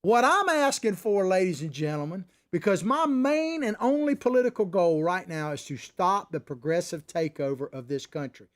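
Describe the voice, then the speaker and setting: Animated high-pitched male show host. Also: moderate pace, few pauses. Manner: folksy, combative, rambling. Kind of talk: opinionated political commentary.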